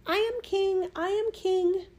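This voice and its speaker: A woman's voice: extremely high pitch, steady tone, slow pace, a little mellow, voice pushed up. A woman voicing a tiny, cocky male bird with a piercing, piping voice. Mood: crowing triumph. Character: tiny boastful male wren, shrill and cocky.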